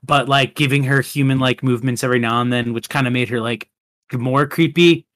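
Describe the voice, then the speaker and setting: A man in casual podcast chat, talking through a film at a loose, rambling pace. His voice sits at an ordinary middle pitch for a man. He strings thoughts together with plenty of fillers. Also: steady tone, brisk, fairly bright tone. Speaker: podcast co-host.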